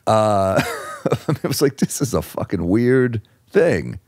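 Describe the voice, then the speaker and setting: A man, a stand-up comedian guest on a podcast, telling anecdotes in a dry, deadpan way. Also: fairly low pitch, slow pace, no echo. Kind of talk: casual chat. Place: podcast studio.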